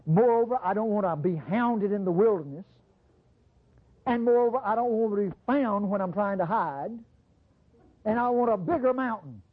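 A preacher delivering a sermon, talking straight to the congregation and swinging from low, close asides to sudden high bursts. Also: lively intonation, normal speed, slightly rough. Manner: addresses the congregation directly with call-outs. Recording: tinny lo-fi sermon recording.

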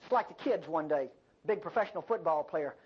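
An older woman preaching a sermon, with an animated delivery and folksy asides. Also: low-pitched, fairly quick, breathy edge. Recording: dull lo-fi sermon recording.

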